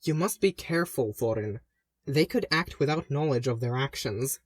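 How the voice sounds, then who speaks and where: A man's voice: mid-range voice, expressive, normal speed, no echo, studio quality, lightly acted. A man doing an earnest young dwarf ghost. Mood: urgent.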